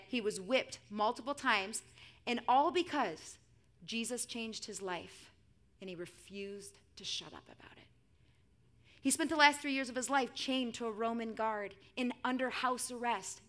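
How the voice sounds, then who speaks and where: A woman in her thirties preaching a sermon, dramatic, dropping to a hushed near-whisper for emphasis. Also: a little high.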